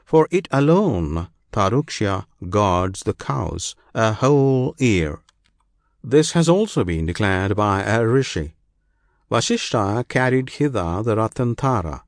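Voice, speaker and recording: A man reading an old scripture aloud as an audiobook narrator, in a measured, solemn recitation. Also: lowish voice, big pitch swings, no echo, studio quality.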